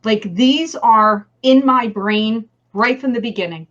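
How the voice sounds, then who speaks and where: A woman with a New Jersey accent, a guest in a casual interview over a video call, enthusiastic and quick to laugh. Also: on the high side, muffled recording.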